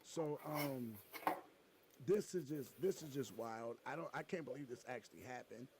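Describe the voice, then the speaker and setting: A man co-hosting a podcast in casual comedic chat, an animated storyteller with loud bursts. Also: mid-range voice, moderate pace, a little hiss or hum. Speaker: podcast co-host.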